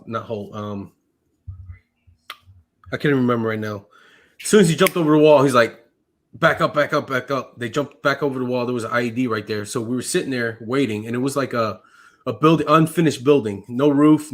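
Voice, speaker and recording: Swearing man telling a war story. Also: mid-range voice. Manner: swears often, fills with uh and like. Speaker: podcast guest, army medic veteran. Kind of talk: casual storytelling conversation.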